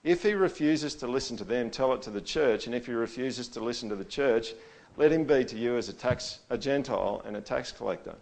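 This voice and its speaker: Casual male pastor, middle-aged, preaches like a chat, punchy emphasis then drops low. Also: fairly quick, creaky. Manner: conversational, keeps asking "all right?", voice swings loud and soft. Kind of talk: sermon.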